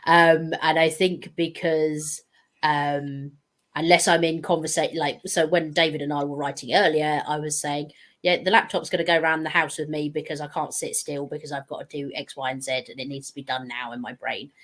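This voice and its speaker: A chatty woman with a low voice talks as a panel guest. She meanders through her points and pokes fun at herself. It is a relaxed, conversational delivery. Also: moderate pace. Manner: chatty and meandering, self-deprecating. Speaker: guest speaker. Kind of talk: casual panel discussion.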